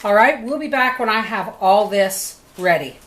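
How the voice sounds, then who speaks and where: A woman's voice: medium pitch, expressive, normal speed, fairly bright tone, slight background noise. A woman hosting a homestead cooking video, chatting in a folksy way as she walks through each kitchen step. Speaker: homestead vlogger demonstrating food preservation. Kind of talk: casual kitchen demonstration.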